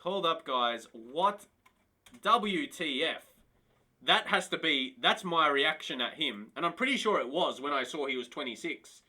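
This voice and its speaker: A man's voice: fairly high pitch, unhurried, husky. A man live-streaming a football management game, chatting to his viewers and exclaiming in disbelief. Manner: excitable, talks to chat, laughs and exclaims in disbelief. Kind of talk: casual live-stream commentary.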